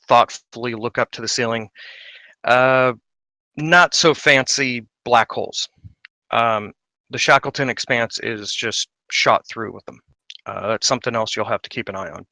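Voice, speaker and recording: A man's voice: medium pitch, bright, forceful tone, dry recording. A man running a tabletop game as game master, narrating in character with a rambling, hesitant delivery. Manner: rambling, hesitant with many fillers.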